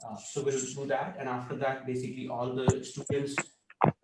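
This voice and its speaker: A man's voice: medium pitch, completely flat delivery, moderate pace, heavy background noise. Patient male language teacher, roomy sound. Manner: explains patiently, checks in with "okay?". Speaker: Hindi teacher. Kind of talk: online class teaching.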